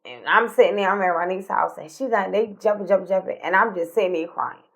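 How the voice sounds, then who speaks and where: A woman, co-hosting a podcast, telling a personal story in casual talk, by turns animated and tearful, dropping to near-whispers. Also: mid-range voice, quick pace. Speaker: podcast co-host.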